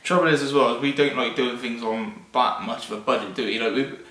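A man in easygoing vlog conversation, hesitant and full of small fillers. His voice has a middle pitch and carries the echo of a room, heard from some way off. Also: fairly even intonation, brisk, sharp tone. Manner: laid-back, hesitant, full of ums and likes. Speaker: vlogger co-host. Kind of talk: casual chat. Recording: roomy sound, mic at a distance.

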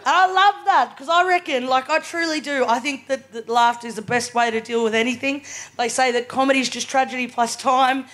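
Her voice sits high and fairly bright, fairly quick with fairly even intonation. She's an Australian woman in her 20s doing chatty live stand-up, laughing frequently as she tells stories and tossing in "right?" again and again.

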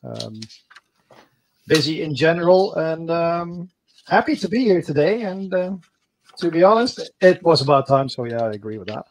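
Easygoing man with a slightly high voice. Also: animated, normal speed, a little hiss or hum, rough recording. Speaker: guest hobbyist. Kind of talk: casual livestream chat.

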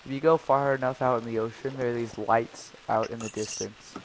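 A man's voice: mid-range voice, fairly even intonation, fairly quick, a little hiss or hum, rough recording. A man casually joking and teasing his friend while commentating a game he is playing. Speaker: co-host of a game series. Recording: music playing under the voice. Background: background music.

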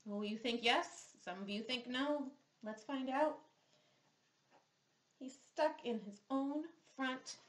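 Woman therapist for a kids' read-aloud, slow and deliberate, exaggerates each sound for little listeners, roomy echo. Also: high-pitched, fairly bright tone. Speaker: children's therapist. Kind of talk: reading a picture book aloud to young children.

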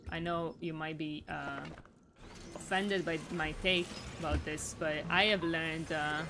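A chatty woman streamer with an Italian accent rambles through gameplay commentary, swearing casually. Her voice sits a bit low, with a faint hiss behind it. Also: steady tone, a little slow.

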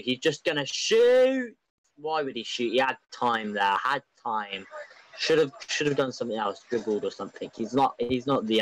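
A man giving excitable, rambling, openly biased live commentary on an online football match. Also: mid-range voice, rough recording.

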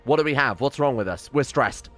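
Fast-talking man playing a game. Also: mid-range voice, expressive, a bit bright, soft background music. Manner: rambling, self-interrupting, swears casually. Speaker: let's-play streamer. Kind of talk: casual gameplay commentary.

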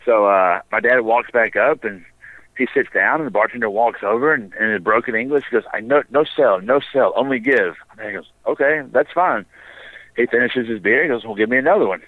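Male wrestler guest, casual storyteller with a deadpan, sarcastic streak; dry, phone-like sound. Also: on the low side, no room sound. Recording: dry tinny phone line.

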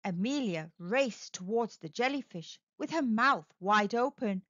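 Expressive woman reading to kids. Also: mid-range voice, slow pace, hardly any pauses, no room sound. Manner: expressive, sing-song, speaking to kids. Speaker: storyteller. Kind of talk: children's read-aloud narration. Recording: dull, slightly lo-fi, dry.

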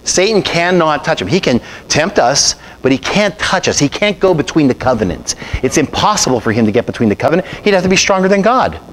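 A pastor preaching a sermon, calling on the congregation to repeat after him and answer. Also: male voice, fairly high pitch, sing-song, brisk, few pauses, a bit bright, a little hiss or hum.

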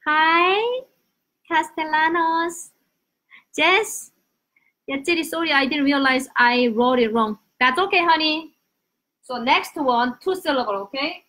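A young woman with a Korean accent leads a casual live-streamed Korean lesson in a high voice. She is animated and drills each word over and over for pronunciation. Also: a little slow, long pauses. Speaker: Korean language teacher.

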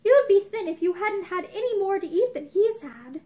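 A woman's voice: very high-pitched, moderate pace. A woman reading as a weary, guarded poor young woman. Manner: tired and flat, distressed.

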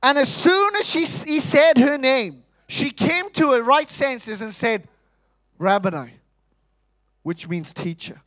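A man preaching a sermon in church, animated, asking rhetorical questions and acting out quotes. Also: extremely high pitch, measured pace, few pauses.

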